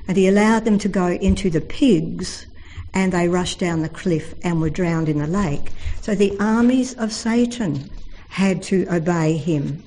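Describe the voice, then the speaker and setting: A woman giving a devotional Bible talk, telling the stories earnestly and slowing down for emphasis. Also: mid-range voice, warm tone, low-quality recording. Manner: earnest storytelling, slows for emphasis. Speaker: Bible teacher.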